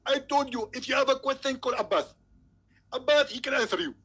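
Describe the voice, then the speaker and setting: A man's voice: very high-pitched, expressive, fairly quick, fairly bright tone, slightly rough, pitched above the performer's own voice, full character voice. A man voicing a smug, insistent male preacher on a call, talking emphatically and pompously. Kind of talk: comedic impression.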